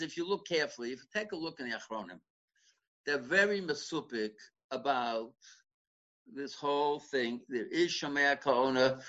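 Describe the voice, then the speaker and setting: A man's voice: medium pitch, fairly bright tone. A man teaching a Torah study class, explaining step by step and quoting Hebrew and Aramaic sources, often restarting words as he thinks. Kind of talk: Talmudic study lecture. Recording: dull lo-fi recording.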